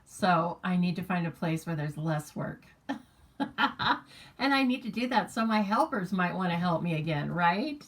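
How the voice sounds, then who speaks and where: A woman's voice: on the low side, lively intonation, normal speed. An American woman hosting a craft live stream, chatting casually, greeting viewers by name and reading their comments aloud. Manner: chatty and rambling, reads viewer comments aloud, laughs easily. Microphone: camera mic on a live stream.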